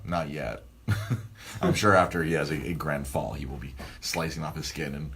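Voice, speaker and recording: A man hosting a casual podcast, telling a rambling, animated story full of restarts. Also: very deep voice, normal speed, slightly rough. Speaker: podcast host.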